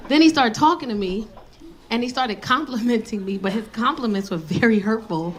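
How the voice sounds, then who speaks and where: Brash high-voiced woman comic. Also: fairly quick. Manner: brash, profane, teasing the crowd. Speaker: stand-up comedian. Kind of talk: stand-up comedy storytelling. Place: comedy club stage. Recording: live club, loud crowd laughter and noise.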